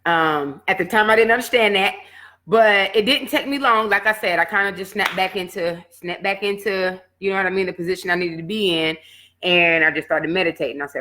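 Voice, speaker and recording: A woman's voice: medium pitch, a little fast. A woman fitness coach, telling a personal setback story in casual talk and acting out what she said back then. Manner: animated storytelling, acts out her own past words.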